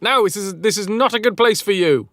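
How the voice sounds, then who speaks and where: A man's voice: sits high, fairly quick, a little hiss or hum. A British man chatting casually on a game livestream from home, joking and swearing freely. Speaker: game streamer.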